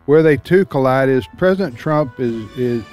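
Male talk radio host, halting delivery, faint music bed underneath. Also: mid-range voice, darkish tone. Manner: halting, many fillers. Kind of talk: political talk radio discussion.

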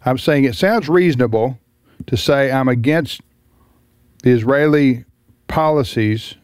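A man co-hosts a political talk radio show in a relaxed, conversational way, nodding along with quick agreements. His voice is smooth and clear, recorded dry and close in the studio. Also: medium pitch, no echo. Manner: agreeable, frequent short affirmations.

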